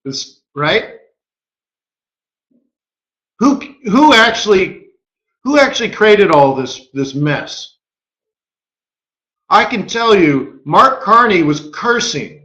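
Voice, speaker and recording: A man hosting a live trading webinar, animated and full of rhetorical questions. His voice is bright and fairly high for a man. The room echoes noticeably around him. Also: slow pace, pauses often, lo-fi sound. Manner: animated, rhetorical, keeps asking "right?". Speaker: market strategist hosting a webinar.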